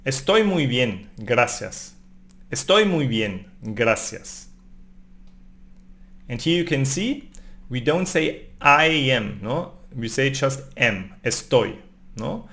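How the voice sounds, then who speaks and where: A man teaching a language lesson, reading phrases slowly and repeating them, often adding a questioning "no?". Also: mid-range voice, big pitch swings, fairly bright tone. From Germany. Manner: slow, repeated pronunciation drills with tag questions.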